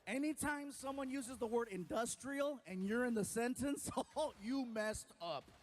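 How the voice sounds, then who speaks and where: A man telling a long comic story on stage, animated and acting out the people in it. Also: very high-pitched, measured pace. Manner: animated, acts out other people's voices. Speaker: stand-up comedian. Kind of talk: stand-up comedy storytelling.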